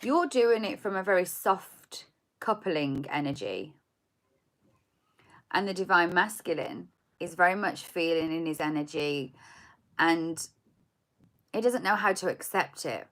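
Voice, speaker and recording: Soft-spoken woman reading tarot. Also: on the low side, a little slow, long pauses. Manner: soft, meandering, repeats words while searching for them. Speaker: tarot reader.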